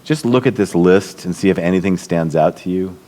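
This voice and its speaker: A man's voice: low-pitched, fairly quick. A middle-aged man speaking at a church leadership event, telling personal stories and lifting his voice to act out what others said. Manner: warm storytelling, acts out quotes with raised voice. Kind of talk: storytelling talk.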